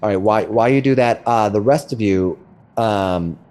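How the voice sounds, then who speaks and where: Low, mellow-voiced man running a tabletop game. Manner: halting, with many restarts while describing rooms. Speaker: game master.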